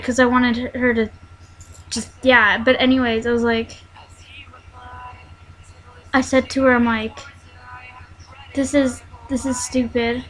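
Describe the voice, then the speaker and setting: A teenage girl telling a personal story in a vlog, halting and rambling, with many fillers and restarts. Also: fairly high pitch, little pitch movement, low-quality recording. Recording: faint background noise.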